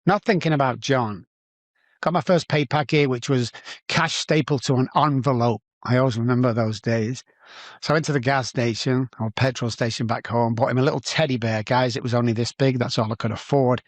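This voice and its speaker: A man's voice: medium pitch, fairly even intonation, brisk, no room sound. A middle-aged man with a Manchester English accent, a podcast guest telling his life story with animation and acting out the dialogue. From England. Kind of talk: personal storytelling in an interview.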